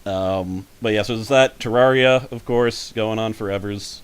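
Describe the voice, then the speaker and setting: A man's voice: on the low side, moderate pace, smooth. A man hosting a casual podcast, talking loosely and laughing often while listing his gaming videos. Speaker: podcast host.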